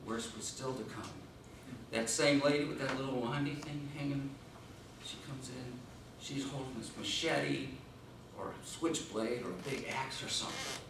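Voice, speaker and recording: A man giving a humorous contest speech, telling a comic story in an animated way. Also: medium pitch, normal speed, creaky. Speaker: contest speaker. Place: meeting room. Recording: echoey room, distant mic, noise.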